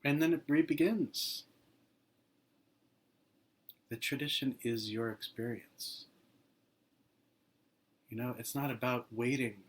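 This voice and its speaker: A man's voice: mid-range voice, slow, pauses often, breathy edge. Laid-back male meditation teacher, chatty. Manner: loose and conversational, heavy with "you know" and "like"; laughs easily between phrases. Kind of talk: informal dharma talk.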